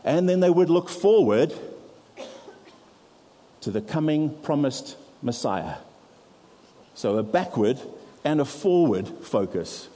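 A man preaching to a congregation, his voice mellow and dark in tone. He explains patiently and steps aside now and then to poke fun at himself. Long reverb hangs around his words in the hall. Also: medium pitch. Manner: explains with props, self-deprecating asides. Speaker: pastor. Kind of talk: sermon.

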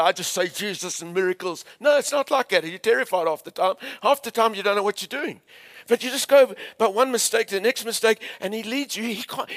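A man from England preaching a storytelling sermon, animated, switching between shouts and hushed tones. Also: very high voice.

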